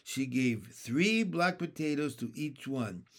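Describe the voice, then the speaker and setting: A man narrating a children's chapter book in a steady, plain read-aloud manner. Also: mid-range voice, slow. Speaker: audiobook reader.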